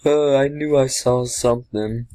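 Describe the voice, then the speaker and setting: Man, gamer, casual commentary, jumpy, talks to himself, slow, dry sound. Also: mid-range voice, fairly even intonation, mellow, no room sound.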